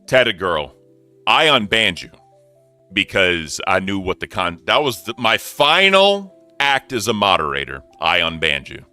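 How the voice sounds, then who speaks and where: A man hosts a loose commentary stream, his deep voice bouncing through a wide range. His tone is bright and cutting, and he swears freely as he reacts. Faint music plays underneath. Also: big pitch swings, measured pace, smooth. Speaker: stream host. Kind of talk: casual commentary.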